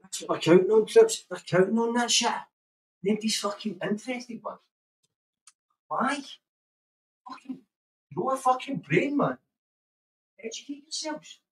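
A man's voice: very high voice, unhurried, long pauses. A man ranting profanely to his livestream chat. He is agitated and keeps repeating himself. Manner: keeps asking "know what I mean".

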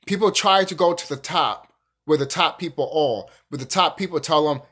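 A man's voice: a little high, normal speed, a bit bright, breathy edge. A young man hosting his own channel, ranting emphatically and profanely in a casual spiritual monologue, often restarting his sentences. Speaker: YouTube channel host.

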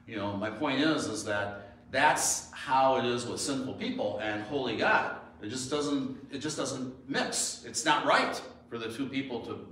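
Echoey pastor preaching from afar. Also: male voice, mid-range voice, a little slow, fairly bright tone, a little hiss or hum. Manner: storytelling, rhetorical questions, emphatic. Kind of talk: sermon. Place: church sanctuary. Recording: echoey church from far off.

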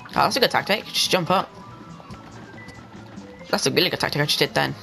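A young man giving excitable let's-play commentary, talking to the game and to his viewers and bursting into yells. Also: a little high, fairly quick, gravelly, soft background music, poor audio. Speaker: gaming channel host.

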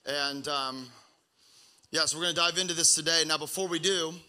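Young male pastor, slightly high, very bright tone, loose conversational sermon delivery with lots of ums. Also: steady tone, normal speed. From Pacific Northwest US. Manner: casual, rambling with many fillers and restarts.

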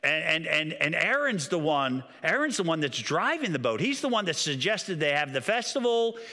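Animated high-voiced pastor preaching. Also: male voice, a little slow, long pauses. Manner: animated, storytelling, repeats words when excited. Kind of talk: sermon. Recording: long church-hall reverb.

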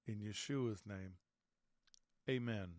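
A man with a slightly raspy voice from allergies, leading prayer and Bible teaching as host of an online faith show. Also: lowish voice, a little mellow, no echo, clean studio sound. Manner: earnest, measured, prayerful.

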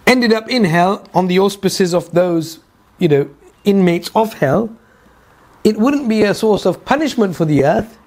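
High-voiced man giving a Quran lesson. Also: lively intonation, a little slow, darkish tone. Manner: storytelling with rhetorical questions and asides; hesitant fillers, repeats words. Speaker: Quran teacher. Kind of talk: religious lecture.

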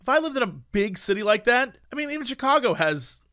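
A man's voice: very high voice, quick pace. A man co-hosting a podcast in casual, joking chat. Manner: animated, joking. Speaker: podcast co-host. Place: lives in Los Angeles.

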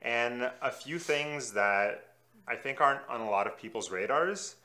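A man's voice: medium pitch, animated, measured pace, pushed and bright. A man co-hosting a casual chat, speaking in an easygoing way and offering friendly advice. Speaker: co-host.

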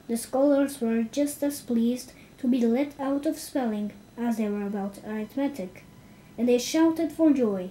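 A woman reading a children's storybook aloud in a steady, unhurried way, with small restarts. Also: fairly high pitch, a little hiss or hum, poor audio. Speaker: reader.

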